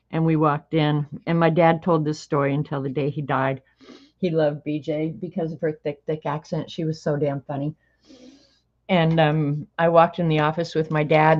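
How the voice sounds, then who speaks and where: A woman's voice: deep voice, darkish tone. A woman hosting a craft video, telling rambling stories and laughing often. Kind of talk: chatty storytelling while coloring. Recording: dull lo-fi recording.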